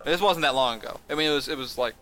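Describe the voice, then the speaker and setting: A man's voice: medium pitch, very fast, fairly bright tone, a little hiss or hum. A man telling a story in casual chat, laying out details step by step.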